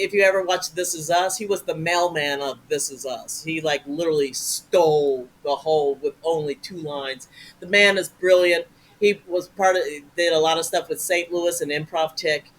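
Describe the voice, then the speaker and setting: A man's voice: fairly high pitch, a little hiss or hum, rough recording. A man, an improv performer, chatting enthusiastically as an interview guest, full of jokes and praise for his colleagues. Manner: animated, enthusiastic, jokey. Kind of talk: casual interview chat.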